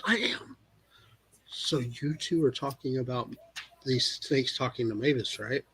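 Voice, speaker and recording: A man playing a tabletop game, quickly pressing his point and talking over the others. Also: medium pitch, a bit bright, husky. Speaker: player. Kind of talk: casual tabletop game chat.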